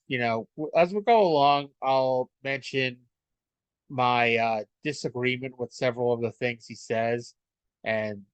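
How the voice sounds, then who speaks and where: A man's voice: on the high side, dry recording. Rambling male podcast host, dry sound. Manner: rambling, with many fillers. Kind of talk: casual episode recap.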